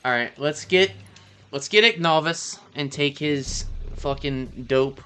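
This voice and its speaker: A man's voice: on the high side, slow pace, pushed and bright, clear, resonant tone. A man casually chatting on his live stream as he plays a shooter, loose and profane, rambling and talking to his cat. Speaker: gaming streamer. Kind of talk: casual live-stream chat while playing.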